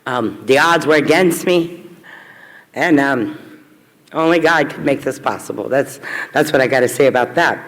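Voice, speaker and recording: A woman's voice: extremely low pitch, moderate pace, long pauses. Woman, middle-aged, frank, self-mocking, personal testimony, long hall echo. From Kentucky. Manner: candid, blunt, self-deprecating humor. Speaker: recovery meeting speaker. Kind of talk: personal testimony talk to a crowd. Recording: reverberant hall.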